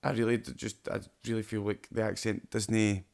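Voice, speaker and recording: Low-voiced Scottish man, chatty and broad. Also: flat delivery, normal speed, gravelly, darkish tone. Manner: broad, sweary, says "do you know what I mean" often. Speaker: podcast co-host. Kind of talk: casual chat.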